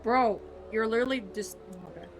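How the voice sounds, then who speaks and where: A woman's voice: fairly high pitch, fairly quick, creaky, poor audio. Young irish woman, streamer, rambling casual chat, game music behind. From Ireland. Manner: rambling, defensive, talks to chat.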